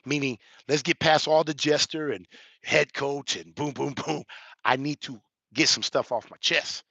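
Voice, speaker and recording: Gravelly, bright-voiced man telling a story. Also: fairly high pitch, normal speed, no echo. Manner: emphatic, asks rhetorical questions, rises to near shouting. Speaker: elder giving a reaction commentary. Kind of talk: animated personal storytelling commentary.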